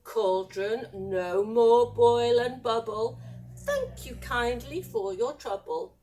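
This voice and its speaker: A fond mother witch speaks in a lilting, doting sing-song, as a woman voices her in a children's story. The slow delivery is picked up from a distance by a camera mic. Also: on the high side, a little mellow, a little hiss or hum. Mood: solemn.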